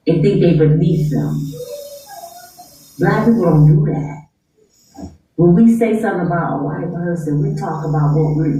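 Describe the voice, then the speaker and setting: A woman's voice: on the low side, dark tone. A woman giving a brash, slangy, heated rant on a livestream. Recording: echoey room, far from mic.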